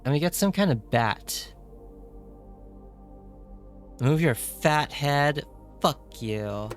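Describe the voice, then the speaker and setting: A man streaming a story game live, reacting in a playful, excitable way with jokey asides. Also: on the high side, drawn-out words, soft background music. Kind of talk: live playthrough commentary.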